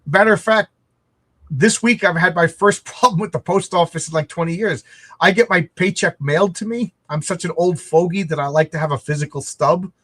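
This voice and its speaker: A man's voice: sits high, brisk, a bit bright. A middle-aged man from the United States, chatting casually as a co-host, rambling with lots of restarts. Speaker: podcast co-host. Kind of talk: casual chat over a video call.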